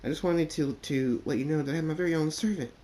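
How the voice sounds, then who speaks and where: Guy putting on a squeaky little filly pony, excitable, teary, storybook reading. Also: fast talker, a little hiss or hum, lightly acted. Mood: pleading. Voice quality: high and squeaky. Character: excitable young filly pony, tearful and pleading.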